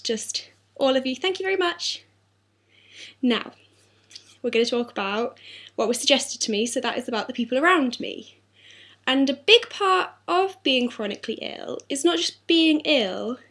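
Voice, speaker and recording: A young woman talking earnestly and apologetically in a personal video diary, her throat sore. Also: fairly high pitch. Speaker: vlogger.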